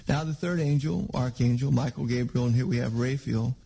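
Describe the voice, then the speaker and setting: A man's voice: medium pitch, brisk, vocal fry, few pauses, mellow, slightly rough, poor audio. A man preaching a sermon in a conversational, rambling way with frequent restarts.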